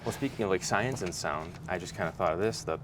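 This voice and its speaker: A man co-hosting a podcast, talking in a relaxed, rambling way and laughing often. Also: low-pitched, quick pace. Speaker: podcast co-host. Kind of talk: casual chat. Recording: noisy background hum.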